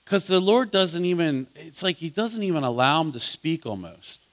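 A man teaching a Bible study as pastor, asking his listeners questions and swinging between loud emphasis and soft asides. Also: on the high side, animated, moderate pace.

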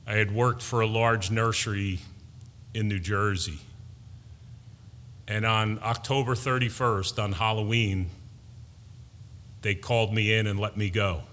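Middle-aged male preacher, bright forceful tone, deliberate sermon delivery, reverberant hall. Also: mid-range voice. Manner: slow, deliberate preaching with emphatic builds.

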